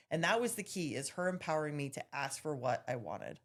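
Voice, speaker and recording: A woman with a notably low, deep speaking voice chats casually as a podcast co-host. She tells candid stories in an animated way, with bursts of laughter. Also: fairly quick, hardly any pauses. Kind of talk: casual chat.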